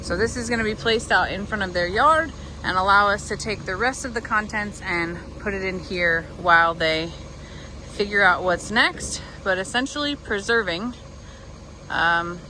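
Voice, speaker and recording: A woman's voice: medium pitch, bright, forceful tone, a little hiss or hum, rough recording. A woman chatting casually in a vlog as she runs errands, heartfelt and talkative, filmed on a handheld phone. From Texas. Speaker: vlogger. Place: in a vehicle and on errands.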